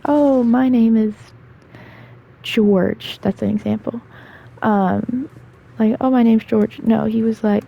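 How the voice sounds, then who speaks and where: The recording is muffled, carrying a creaky, higher-leaning female voice. She's in her twenties, gaming while she chats through casual, meandering stories packed with fillers and side comments.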